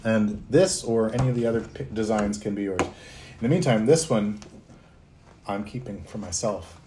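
A Canadian voice actor runs a laid-back fan livestream, reading out chat messages and responding to questions. His mellow voice is on the low side and moves at a normal speed. He chuckles often, and there's slight background noise.

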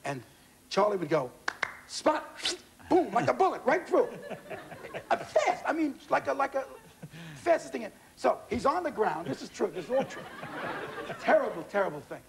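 An older man telling comic stories on a studio talk show, his voice high and swinging wildly up and down. He jumps into put-on voices and shouts his punchlines. A faint hiss sits under the studio sound. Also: sing-song, normal speed, vocal fry. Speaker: guest comedian. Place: TV studio with audience.

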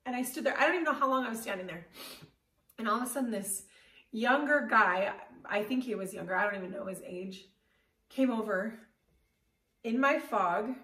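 A fairly high-voiced woman in her thirties tells a personal story with candid, animated energy and self-deprecating humor, tossing in casual fillers as she goes. Her voice rings through a roomy space, picked up from some distance away from the microphone. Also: normal speed, long pauses. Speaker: motivational speaker. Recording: roomy echo, voice from far off the mic.

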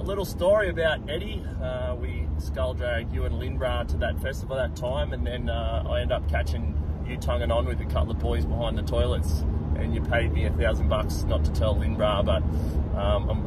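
An Australian man giving a casual, joking birthday message to a friend, with plenty of hesitant fillers. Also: mid-range voice. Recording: distant phone mic, loud traffic noise.

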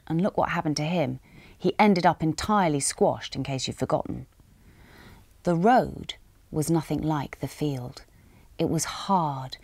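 A woman reads a children's story aloud in a lively, sweeping voice that climbs for excitement and drops to near-whispers. The recording is close and dry, with no room sound. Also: fairly low pitch, dry recording. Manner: expressive, dramatic with hushed moments.

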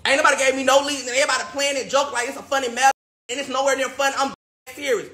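A man ranting in a vlog, loud, exasperated and profane, and repeating himself over and over. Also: very high voice, level tone, racing. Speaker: vlogger. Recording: echoey room.

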